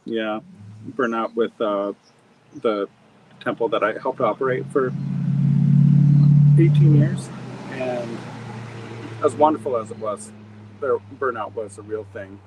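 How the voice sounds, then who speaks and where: A man's voice: mid-range voice, unhurried, long pauses, a little hiss or hum, rough recording. A middle-aged man from Montana, an author being interviewed, telling his story in a rambling, reflective way with many fillers and restarts. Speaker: author and guest. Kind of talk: conversational interview.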